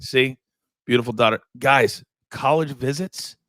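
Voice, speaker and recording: A middle-aged man hosting a live sports betting show, energetic and joking with his co-hosts. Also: medium pitch, unhurried, no echo. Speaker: host.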